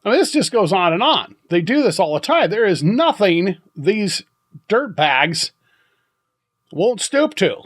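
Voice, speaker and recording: An older man hosting a podcast, telling a story in a rambling, halting way with many restarts and chuckles. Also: high-pitched, very animated, fairly bright tone. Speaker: podcast host. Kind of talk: casual storytelling monologue.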